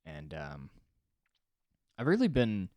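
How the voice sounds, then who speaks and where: A young man with a very low, smooth voice hosts his own comedy podcast alone. He rambles and swears, jumping from loud outbursts to low mumbles, and the recording is close and dry. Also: huge pitch swings, takes it slowly, no echo. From Los Angeles. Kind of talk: solo podcast monologue.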